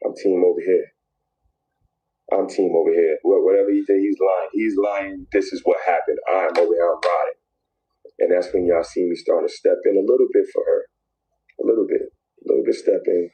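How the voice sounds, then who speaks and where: Deep gravelly man, low murmuring storytelling. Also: fairly even intonation, dark tone, low-quality recording. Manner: repetitive, drawn-out, dropping to near whispers. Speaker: guest telling his story in a played clip. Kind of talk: emotional personal storytelling.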